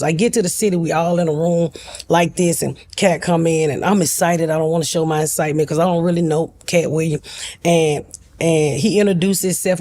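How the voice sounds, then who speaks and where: A woman's voice: lowish voice, a little mellow. A middle-aged woman, a talk-show guest telling a family story bluntly and animatedly, with comic asides.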